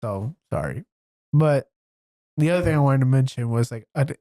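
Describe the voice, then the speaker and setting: A man's voice: medium pitch, expressive, moderate pace, dark tone. A young man co-hosting a podcast with a stuffy nose, telling rambling stories and laughing often. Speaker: podcast co-host. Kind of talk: casual chat.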